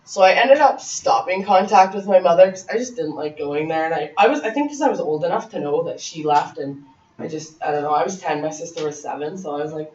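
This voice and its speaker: A woman's voice: deep voice, expressive, brisk, a little mellow. A young woman in her twenties, a guest speaker giving candid personal testimony to a college class, chatty with many "like" fillers and frequent laughs. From Ontario, Canada. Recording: echoey room from far off, slightly dull.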